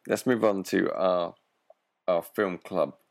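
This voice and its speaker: A man's voice: deep voice, slow, creaky. A man hosting a podcast in a dry, casual way, steering the talk between segments. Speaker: podcast host. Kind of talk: casual chat.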